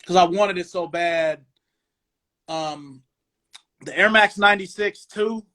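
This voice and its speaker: Bright-voiced man from Cleveland, mid-forties. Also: sits high, slow. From Cleveland, USA. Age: 40s. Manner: relaxed, rambling, lots of "um" and "you know". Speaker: podcast host. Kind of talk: casual chat. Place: home dining room.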